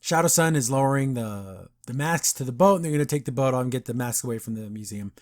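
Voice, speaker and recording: Animated man recapping a cartoon. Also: medium pitch. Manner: animated storytelling with quick quoted asides. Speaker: podcast host. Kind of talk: casual episode recap.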